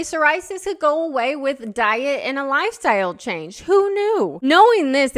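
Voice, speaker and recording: A woman's voice: fairly high pitch, fairly bright tone. A woman from the United States talking in a casual opinion vlog, chatty and emotional, rambling with many fillers. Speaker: vlogger.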